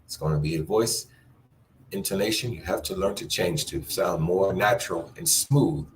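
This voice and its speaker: A man teaching a Spanish class, explaining grammar and repeating words slowly for learners to echo. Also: deep voice, a little hiss or hum.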